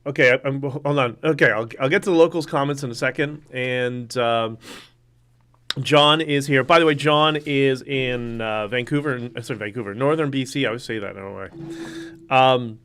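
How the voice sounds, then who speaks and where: A man's voice: medium pitch, moderate pace, a bit bright, smooth. A man hosting a casual solo livestream, rambling through topics and viewer comments with many fillers and restarts. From Canada. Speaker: livestream host.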